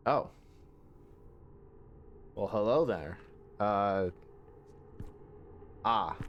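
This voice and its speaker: A man's voice: lowish voice, animated, extremely slow, lo-fi sound, a little hiss or hum. A man streaming a video game from his home setup, chatting casually into a desk mic with rambling, profane jokes. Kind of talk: casual live-stream commentary.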